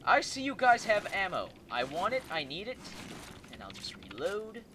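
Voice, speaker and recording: A man hosting a let's play, giving excitable, joking gameplay commentary and talking back to enemies. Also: sits high, normal speed, a little hiss or hum.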